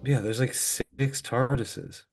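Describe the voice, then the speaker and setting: A man's voice: mid-range voice, steady tone, slow pace, a little mellow, faint music behind. A man co-hosting a casual watch-along podcast, making wisecracks. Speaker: podcast co-host.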